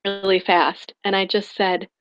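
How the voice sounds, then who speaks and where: A woman's voice: mid-range voice, little pitch movement, unhurried, clean tone, lo-fi sound. A woman coach telling a personal story in an online class, rambling and heartfelt with many restarts. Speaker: spiritual prosperity coach.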